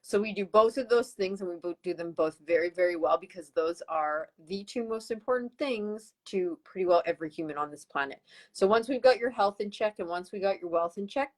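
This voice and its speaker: Over a video call with poor audio, an upbeat woman hosts a live-streamed sales pitch through her computer mic. Her West Coast Canadian accent comes through as she speaks expressively and a little fast, full of enthusiasm.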